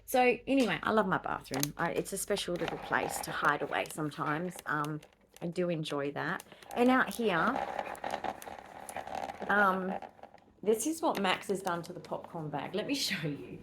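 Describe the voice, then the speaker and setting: A woman's voice: on the low side, animated, a little slow, pauses often, a bit bright, slight background noise, rough recording. An Australian woman chatting casually to her camera as she walks around her home, rambling with fillers and asides. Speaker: vlogger. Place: at home, walking between rooms.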